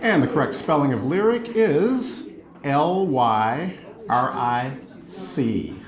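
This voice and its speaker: Slow, lively British man reading spelling words. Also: medium pitch. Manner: joking, self-deprecating, apologetic. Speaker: spelling bee word reader. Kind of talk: reading words and definitions aloud. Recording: noisy crowd in background.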